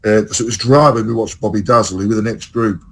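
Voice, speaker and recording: A man's voice: on the low side, fairly even intonation, quick pace, a bit bright, rough recording. A man telling long, rambling, sweary stories as a podcast host in casual chat.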